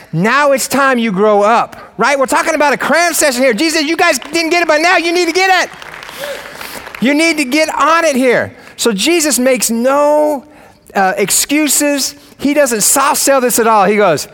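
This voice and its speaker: A man delivers a sermon as pastor in a fairly high voice. He swings from loud, emphatic lines down to low, quiet ones and speaks in casual slang. At times he drifts away from the mic. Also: expressive, normal speed.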